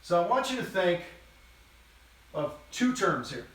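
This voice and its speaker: A man's voice: sits high, very animated, a little slow, fairly bright tone. A man hosting a live business training for contractors, talking bluntly and casually with bursts of energy and the odd swear word, while moving around. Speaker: host and business coach for contractors. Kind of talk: live training talk to a camera. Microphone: distant mic, moves around while talking. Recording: very echoey room, voice far from mic.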